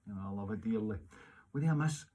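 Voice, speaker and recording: A man's voice: lowish voice, animated, fast, warm tone. A middle-aged man with a Glaswegian accent, chatting casually as he answers fan questions at home, rambling with many fillers and restarts. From Scotland. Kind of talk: casual solo Q&A video. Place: home during lockdown.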